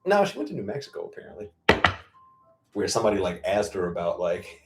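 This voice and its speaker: A man's voice: low-pitched, very animated, fast, loud music behind the voice. Casual: guy, swears a lot, bouncy voice, answering chat on a farm stream. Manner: profane, blunt storytelling with laughs. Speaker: farmer hosting a livestream Q&A. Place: farm in Virginia.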